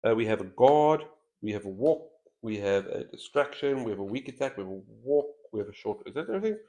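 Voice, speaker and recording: A man's voice: medium pitch, animated, fast talker, dark tone. A man hosting a solo board game stream, thinking aloud as he weighs each move in casual commentary on a headset mic. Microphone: headset mic with a straw-like boom.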